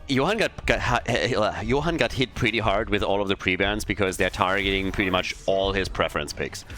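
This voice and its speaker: A man's voice: fairly low pitch, a little fast, fairly bright tone, faint music behind. A man casting a video game match, analytical with a dry sense of humor. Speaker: esports caster. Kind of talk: esports commentary.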